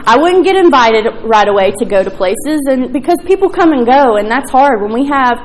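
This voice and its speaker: A woman's voice: high voice, animated, moderate pace, slight background noise, low-quality recording. A woman telling her recovery story at a meeting, candid and profane, with plenty of fillers. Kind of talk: personal testimony at a recovery meeting.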